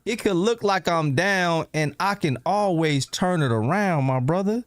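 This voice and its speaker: A man's voice: high voice, measured pace, dry recording. A man hosting a casual live stream, laid-back and rambling as he talks to his viewers.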